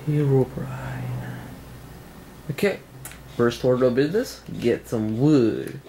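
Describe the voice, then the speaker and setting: A man's voice: mid-range voice, expressive, slow, dark tone. A man doing casual let's play game commentary, jumpy and yelping and swearing when something startles him. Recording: noisy home recording.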